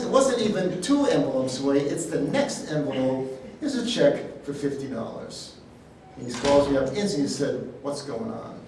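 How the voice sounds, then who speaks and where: A man teaching a sermon, telling personal stories in a folksy, animated way. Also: on the high side, slight background noise. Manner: storytelling, animated, folksy asides. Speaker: healing ministry teacher. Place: church hall. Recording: echoey hall, speaker far from the mic.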